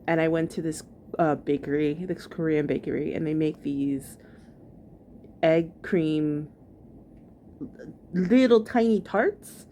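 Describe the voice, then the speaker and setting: Woman vlogger, gossipy reaction chatter, slightly low pitch, faint hiss behind. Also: takes it slowly, long pauses, mellow. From New York. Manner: gossipy, chatty, lots of "like" fillers. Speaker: commentary vlogger. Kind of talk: casual reaction commentary.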